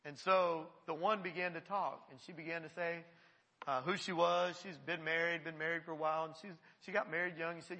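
Preacher man, kinda high bright voice, earnest and chatty, repeats himself, big church echo. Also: fairly even intonation, fairly quick. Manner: earnest, conversational preaching with repetitions. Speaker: pastor. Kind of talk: sermon. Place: church sanctuary. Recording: long reverb of a church hall.

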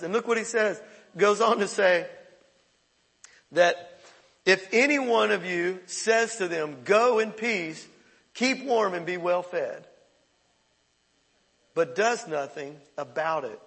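Pastor, middle-aged man, higher gravelly voice, emphatic conversational sermon, reverberant hall. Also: a bit bright. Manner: conversational, emphatic preaching with repetitions.

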